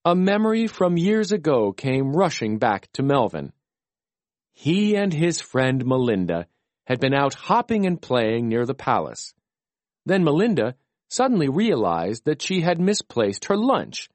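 Man, children's storybook narrator, gentle reading, slow, dry close sound. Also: medium pitch, big pitch swings, no echo.

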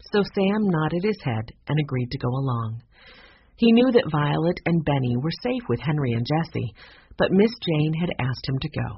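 Audiobook narrator, husky and lively, muffled recording. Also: medium pitch, no room sound. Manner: expressive, animated storytelling. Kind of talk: children's book reading.

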